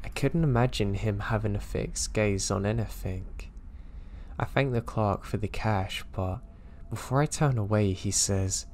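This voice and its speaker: A man with a somewhat low voice narrates first-person horror tales in a steady, low-key manner. The recording carries a faint background ambience under his voice. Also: a little slow, slight background noise. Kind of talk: scripted narration of listener stories.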